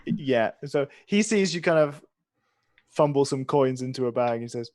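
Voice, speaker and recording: A game master narrating a tabletop game in a relaxed way, often laughing. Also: mid-range voice, normal speed, no echo.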